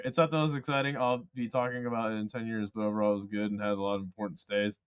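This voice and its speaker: A man hosting a live fight commentary stream from home, excitable and profane, laughing often. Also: lowish voice, racing, few pauses, smooth, no echo, studio quality. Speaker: host.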